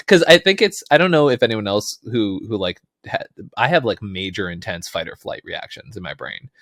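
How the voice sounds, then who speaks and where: A man's voice: lowish voice, very animated, normal speed, fairly bright tone, dry recording, clean studio sound. A man talking as a podcast guest in casual chat, rambling, laughing often and poking fun at himself. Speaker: podcast guest, tournament player.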